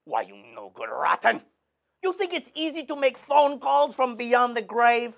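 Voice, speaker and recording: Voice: high-pitched, very animated, measured pace, creaky, fairly bright tone, exaggerated voice. A performer voicing the cranky ghost of an old male horror host, speaking over a phone call with a put-on French accent and a rude, scolding manner.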